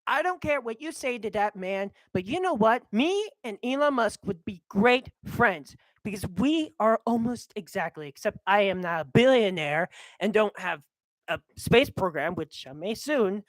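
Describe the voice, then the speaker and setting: A young adult woman vlogging in a heated, animated rant. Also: medium pitch, moderate pace, no echo, rough recording. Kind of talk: ranting monologue.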